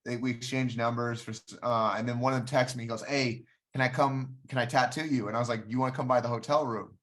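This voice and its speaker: A man's voice: medium pitch, fairly even intonation, fast, a bit bright. A man, a comedian, chatting casually and telling rambling anecdotes with frequent restarts. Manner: rambling anecdotes with repeated starts. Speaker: comedian guest. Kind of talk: casual storytelling chat.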